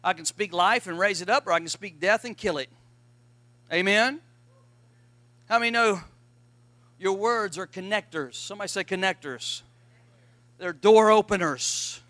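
A high-pitched man preaches with a forceful, bright voice, calling his congregation to answer back. His voice is close and dry, with no room echo. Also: moderate pace, long pauses. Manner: emphatic preaching with call-and-response to the congregation. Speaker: pastor. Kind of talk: sermon.

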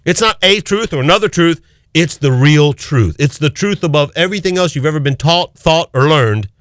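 A man's voice: fairly high pitch, expressive, moderate pace, a bit bright, no echo, clean studio sound. A man preaching an impassioned sermon, quoting scripture and acting out the voices of doubters.

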